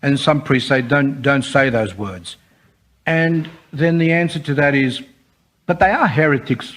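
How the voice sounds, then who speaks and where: A man's voice: on the high side, fairly bright tone. A man, a priest, giving an informal, conversational sermon, with frequent fillers and acted-out quotes of other people.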